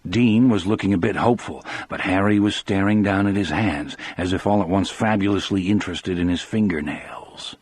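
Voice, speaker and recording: A man narrating an audiobook in a measured, sober first-person telling. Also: low-pitched, a little mellow, husky. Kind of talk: scripted narration.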